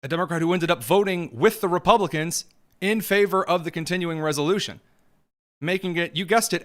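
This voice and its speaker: A man's voice: on the high side, a bit bright. Sarcastic man hosting political commentary. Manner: sarcastic, mocking, rapid-fire.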